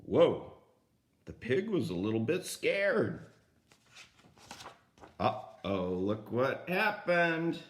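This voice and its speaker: An older man reading a picture book aloud to a child, animated and often asking the listener questions. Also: mid-range voice, slow pace, long pauses. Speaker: grandfather storyteller.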